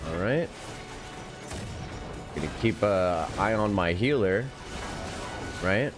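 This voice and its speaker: A man with a fairly low voice streams an online game live. He chats and laughs easily with his viewers and teammates. Game music plays faintly behind him. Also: animated, slow. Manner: chatty, giggly, talks to chat and teammates. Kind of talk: live gameplay commentary.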